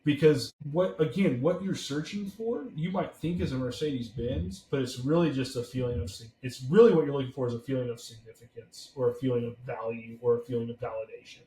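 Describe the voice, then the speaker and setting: A man's voice: mid-range voice, fairly quick, few pauses, warm tone, echoey room, poor audio. A man being interviewed as a podcast guest, explaining his ideas earnestly and stressing his points by repeating phrases. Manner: emphatic, builds points through repeated phrases.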